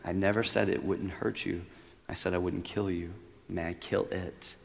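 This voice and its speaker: A man voicing a calm, steady male angel who insists quietly. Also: lowish voice, brisk, gravelly, big-room sound.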